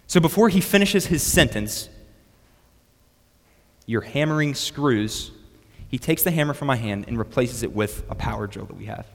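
A man's voice: medium pitch, brisk, creaky, hardly any pauses. Man preaching a story in a reverberant hall. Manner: storytelling, repeats words when restarting. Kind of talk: sermon with personal story.

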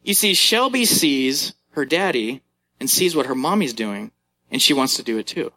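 A young male youth pastor delivers a sermon with a bright, forceful tone. He tells stories with lively jumps in pitch, acting out little moments as he goes. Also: normal speed.

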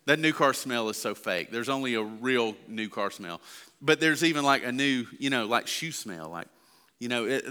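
A man's voice: mid-range voice, animated, moderate pace, sharp tone, clean tone. A man preaching a sermon, talking conversationally and asking the congregation questions. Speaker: pastor. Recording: long hall reverb.

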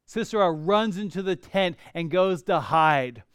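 A middle-aged man preaching a sermon, telling stories in an animated way with humorous asides. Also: high-pitched, measured pace, clear, resonant tone, no echo, studio quality. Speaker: pastor.

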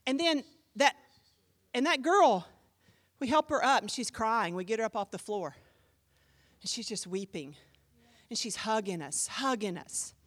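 A woman pastor teaching a class, telling a story in an animated, emphatic, chatty way full of fillers. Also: a little high, a little slow, dry recording.

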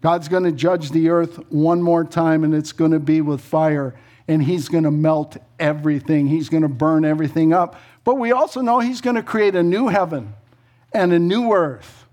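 A middle-aged male pastor with a rather high voice preaches a sermon. He talks in a chatty storytelling way, breaks into laughs, and throws in quick asides before reading scripture. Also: darkish tone.

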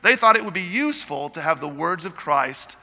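Male pastor, high and very bright tone, chatty joking sermon, long church reverb. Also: expressive, fairly quick. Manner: chatty, with joking asides to the congregation. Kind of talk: conversational sermon.

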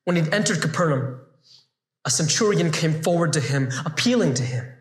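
A man teaches a scripted Bible lesson in an animated style and keeps asking rhetorical questions. His voice is fairly high. The recording sounds roomy and echoey. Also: normal speed.

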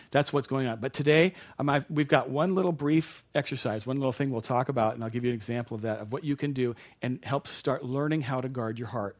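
A middle-aged pastor with a mid-range voice preaches a sermon conversationally. He corrects himself and then suddenly gets loud to drive a point home.

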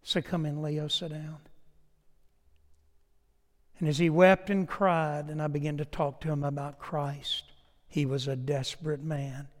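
A man's voice: fairly high pitch, level tone, moderate pace. Earnest man preaching in a church. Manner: earnest, emphatic preaching in short repeated phrases. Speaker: pastor. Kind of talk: sermon with personal storytelling. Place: church sanctuary. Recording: long church reverb.

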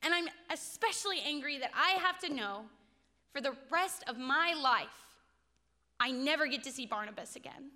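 A woman's voice: high voice, animated, normal speed, sharp tone, in a large hall. A woman in her twenties giving a sermon, telling a personal story in an earnest, confessional way. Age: 20s. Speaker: speaker at a faith talk.

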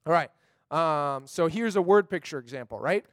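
A man's voice: on the high side, animated, normal speed, no echo. A man giving a casual, upbeat talk on memorizing scripture, chatty, with many fillers and tag questions.

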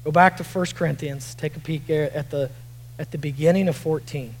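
A man with a high voice preaches a sermon. He swings between loud, shouted emphasis and quiet, low passages as he reads verses aloud. He often stumbles over repeated words and restarts his phrases. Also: steady tone, a little fast, slight background noise, low-quality recording. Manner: repeats words and restarts while reading scripture. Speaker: pastor.

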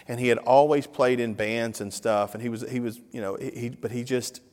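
Animated male preacher in a reverberant hall. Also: medium pitch, fairly quick. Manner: animated storyteller, acts out dialogue. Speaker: pastor. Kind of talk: storytelling sermon.

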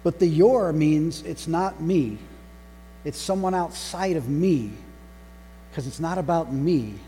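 Male pastor, mellow tone, deliberate emphatic sermon delivery, long room reverb, faint hum behind. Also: fairly high pitch. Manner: deliberate, emphatic on single words.

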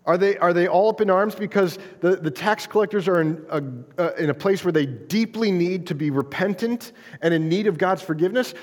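A man's voice: high-pitched, brisk, hardly any pauses, in a large hall. A male pastor preaching a sermon in a conversational style, stumbling over restarts and often checking in with "right?".

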